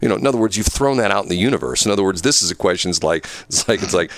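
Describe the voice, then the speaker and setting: A man's voice: low-pitched, very fast, few pauses, no room sound. A middle-aged man co-hosting a radio show, rambling and laughing as he acts out mock speeches in casual chat.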